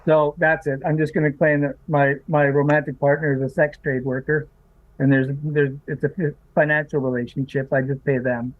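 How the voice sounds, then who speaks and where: A man's voice: a little high, little pitch movement, moderate pace. A man, a podcast guest, talking emphatically and indignantly with rhetorical questions in a casual discussion. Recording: tinny phone-like remote call line.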